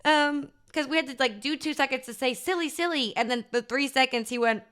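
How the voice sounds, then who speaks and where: A woman's voice: sits high, brisk, fairly bright tone, clear, resonant tone. A young woman streamer chatting casually to her live chat, bubbly and gushing, with lots of fillers.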